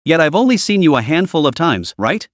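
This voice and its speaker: A man voicing a calm, nonchalant young male student in a story recap, probing and steady. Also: a little high, a little fast, no room sound, studio quality.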